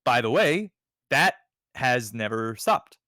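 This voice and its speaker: A man's voice: mid-range voice, very animated, slow, pushed and bright, no room sound, clean studio sound. Rambling man ranting on a livestream. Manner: rambling, emphatic, frequent restarts. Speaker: streamer co-host. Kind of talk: casual political chat.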